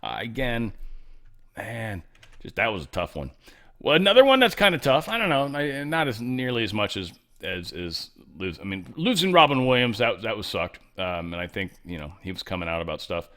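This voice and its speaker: A man's voice: fairly low pitch, sing-song, normal speed, bright, forceful tone. A middle-aged man hosting a talk show, giving rambling, sarcastic commentary with offhand asides. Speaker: show host. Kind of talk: casual news commentary.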